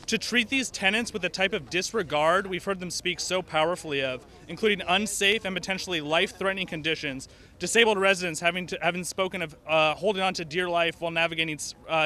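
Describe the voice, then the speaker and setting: Impassioned male rally speaker, rapid and sharp-edged delivery. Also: sits high. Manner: impassioned, forceful, fast. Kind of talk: speech at a tenant rally.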